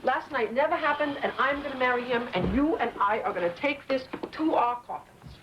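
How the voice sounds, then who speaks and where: An actress playing a stubborn Italian woman from Brooklyn in a film clip, insistent with sharp outbursts. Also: high voice, brisk, natural voice. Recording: dull film audio with noise.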